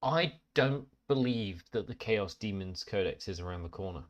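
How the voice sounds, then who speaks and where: A man's voice: on the low side, expressive, moderate pace. A man co-hosting a podcast, talking casually and bluntly with a lot of swearing. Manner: blunt, sweary, complaining about game rules. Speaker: podcast co-host. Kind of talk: casual chat.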